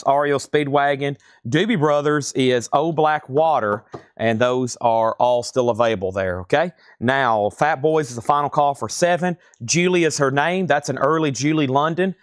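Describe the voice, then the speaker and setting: A man's voice: mid-range voice, a bit bright, clear, resonant tone, no room sound, studio quality. A man hosting a live online record sale, rattling off titles and prices. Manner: brisk price-calling, chatty asides. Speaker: live-stream record seller. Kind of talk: live auction patter.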